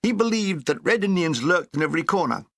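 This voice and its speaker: A man's voice: high-pitched, expressive, fairly quick, a bit bright, no echo. A man reading a wartime memoir aloud in a dry, wry comic manner. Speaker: narrator.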